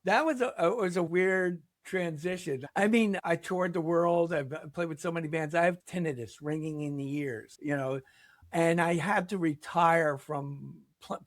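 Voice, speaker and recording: An older man from New York speaks as a podcast guest, his voice sitting a touch high for a man. He tells rambling stories and animates the quotes inside them. The sound is dry and close. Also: dry recording. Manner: rambling, animated storyteller who acts out quotes. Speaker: podcast guest, pickleball league founder. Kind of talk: casual interview storytelling.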